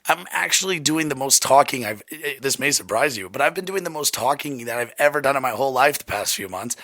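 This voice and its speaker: A man's voice: mid-range voice, lively intonation, quick pace, bright, forceful tone, no room sound, clean studio sound. A man hosting a casual podcast chat, rambling with lots of restarts and swearing, his voice worn out. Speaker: podcast host.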